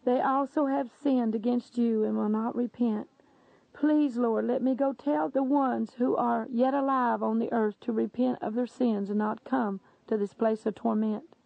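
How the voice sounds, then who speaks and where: A woman's voice: fairly high pitch, steady tone, measured pace, creaky, dry recording, phone-quality sound. A woman voicing a sobbing damned man who pleads desperately for mercy in a dramatic reading. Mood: pleading.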